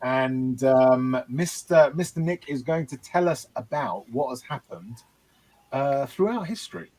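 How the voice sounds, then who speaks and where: Male host, husky voice, lively intonation, short remarks. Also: mid-range voice, measured pace. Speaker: podcast host. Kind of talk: casual chat.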